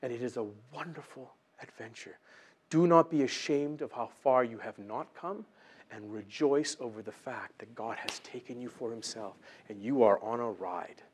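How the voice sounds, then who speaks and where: A man preaching a sermon, animated and acting out voices in his Bible stories. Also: mid-range voice, moderate pace, slightly rough.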